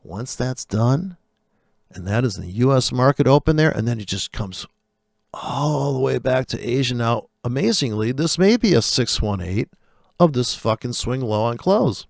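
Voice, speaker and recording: Gravelly man ranting with sarcasm. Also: medium pitch, animated, normal speed, no echo, studio quality. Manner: profane, sarcastic, mocking. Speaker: trader. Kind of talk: ranting commentary over live charts.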